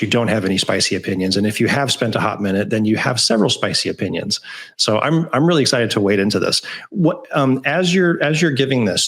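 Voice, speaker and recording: A man co-hosting a casual show, playful and rambling, joking as he asks questions. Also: medium pitch. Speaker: show co-host.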